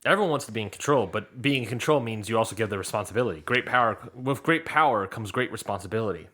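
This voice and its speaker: A man's voice: on the low side, expressive, fast, bright, forceful tone. A man co-hosting a podcast, retelling a reality show episode in casual chat and acting out the players' lines. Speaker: podcast co-host.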